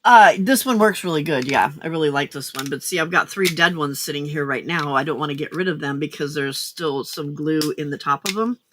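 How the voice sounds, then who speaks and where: A woman's voice: deep voice, a little fast, few pauses, fairly bright tone, slight background noise. A woman hosting a late-night crafting livestream, chatting casually, laughing often and muttering to herself as she works. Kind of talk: casual chat while crafting.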